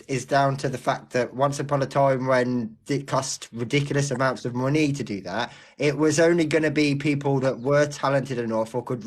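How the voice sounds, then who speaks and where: Man explaining in casual chat. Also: medium pitch. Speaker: radio co-host.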